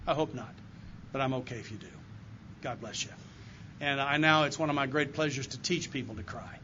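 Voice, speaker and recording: A man's voice: medium pitch, a little fast, bright, forceful tone, a little hiss or hum. An older man gives an earnest, heartfelt recovery talk straight to a meeting audience. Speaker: AA circuit speaker. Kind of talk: recovery testimony speech to a meeting. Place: meeting room before an audience. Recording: dull lo-fi live talk recording.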